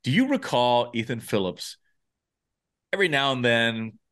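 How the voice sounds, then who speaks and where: A man's voice: mid-range voice, very animated, normal speed, fairly bright tone, clean tone. A man co-hosting a podcast in casual chat, playful and emphatic, often laughing. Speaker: podcast co-host.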